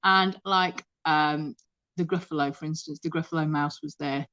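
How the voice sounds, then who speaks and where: A woman's voice: low-pitched, fairly even intonation, normal speed, a bit bright, highs cut off. A woman chatting casually and rambling on a live stream from her kitchen, reading out viewer comments as she goes. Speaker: thrift reseller hosting a live stream. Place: home kitchen.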